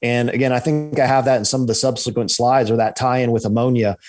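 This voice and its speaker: A man talks as an interview guest, in a middle-pitched voice of everyday strength. He tells his story with energy, checking in with the listener and often stumbling over his starts. The delivery is loose and conversational. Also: quick pace, faint music behind. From United States. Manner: animated, repeats "right?" and restarts. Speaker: podcast guest, researcher.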